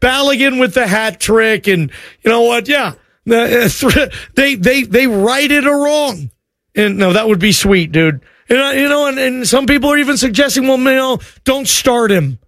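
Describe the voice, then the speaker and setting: A man hosting a sports call-in radio show, talking in an excited, emotional, rambling way with many restarts. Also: very high-pitched, normal speed, no room sound, studio quality.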